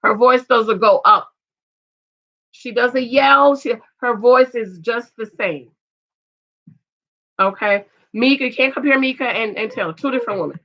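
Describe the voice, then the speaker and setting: A middle-aged woman giving loud, emphatic casual commentary on a reality show and reading viewer comments. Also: a little high, measured pace, pauses often, highs cut off. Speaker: vlogger reviewing a reality show.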